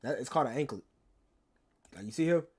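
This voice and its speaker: Animated, rambling young man streamer. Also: mid-range voice, quick pace, husky. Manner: rambling, slangy, repeats himself, teases chat. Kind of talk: casual storytime to chat.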